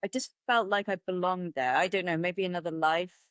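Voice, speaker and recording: A woman's voice: lowish voice, fairly even intonation, brisk, fairly bright tone, clean tone, no echo. A woman, a podcast guest talking candidly and chattily in a conversational interview, laughing easily. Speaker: podcast guest, martial artist.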